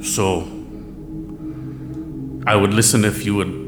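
A grim, measured man, played by an actor, speaking with slow gentleness in a horror audio drama. His voice is fairly low and very unhurried, in a roomy space with music underneath. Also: little pitch movement. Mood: solemn. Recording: roomy with music score behind.

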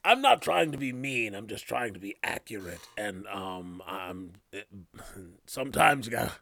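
A man's voice: fairly low pitch, very animated, a little slow, vocal fry, bright, forceful tone. A man hosting a casual podcast, rambling with loose slang, trailing off and restarting his thoughts. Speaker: podcast host. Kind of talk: casual chat.

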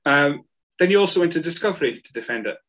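Relaxed, chuckling male podcast host. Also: on the high side, fast, rough recording. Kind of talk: casual interview.

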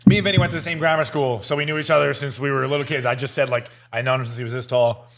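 A man's voice: medium pitch, fairly even intonation, racing, vocal fry, noisy background. A young man hosting a podcast in a bar, chatting casually and rambling with restarts. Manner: rambling, repeats himself. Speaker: podcast host. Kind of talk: casual chat.

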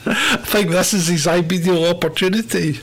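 A man co-hosting a casual live chat with a teasing, easygoing manner. He laughs easily, and his voice sits a touch higher than most men's. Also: moderate pace, a bit bright, faint music behind. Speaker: co-host.

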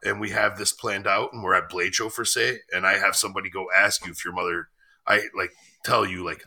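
Man, gravelly voice, forceful bright tone, rambling profane storyteller, casual podcast. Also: low-pitched, fairly even intonation, quick pace. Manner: rambling anecdotes, swears freely.

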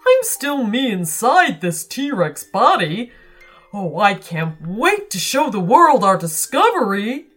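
An excited young T-Rex with a booming, gleeful voice, as a woman storyteller puts him on. His delivery is bright and lively, swinging high and low, with soft music behind it in a storybook reading. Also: slow pace, husky, full character voice. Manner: eager, excited, booming shouts. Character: cheerful boy turned friendly T-Rex.

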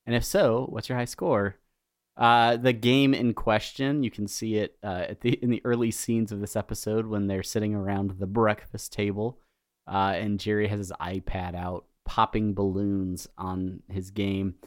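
A man's voice: fairly low pitch, little pitch movement, moderate pace, dry recording, studio quality. A man co-hosting a podcast, chatting casually and joking about himself. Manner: rambling, jokey, self-deprecating. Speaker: podcast co-host.

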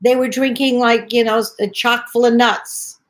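A woman's voice: fairly high pitch, steady tone, normal speed. An older woman, a tea entrepreneur, chatting as a podcast guest and telling long rambling stories. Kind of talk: podcast conversation.

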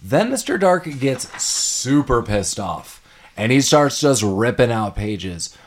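A man's voice: medium pitch, sing-song, slow, a little hiss or hum. A man and parent, casually chatting about a film as co-host, laughing often and loosely paraphrasing scenes. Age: adult parent. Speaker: podcast co-host.

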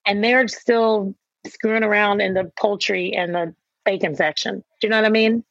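A woman author being interviewed about raising kids, telling lively stories and acting out the voices of herself and her children. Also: medium pitch, moderate pace, creaky, no room sound. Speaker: author and guest. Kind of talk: conversational interview. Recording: dull, dry sound.

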